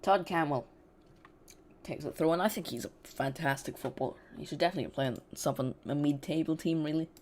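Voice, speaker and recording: Football watch-along host, chatty and loose, talks straight to the chat, mid-pitched voice. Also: fast, a little mellow, slight background noise. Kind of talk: casual live watch-along commentary.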